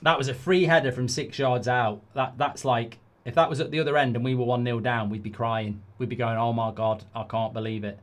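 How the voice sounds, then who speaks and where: This live match reaction has a man venting his frustration at the football, cursing and reading out comments from viewers. He speaks at medium pitch, fairly quickly, with hardly any pauses.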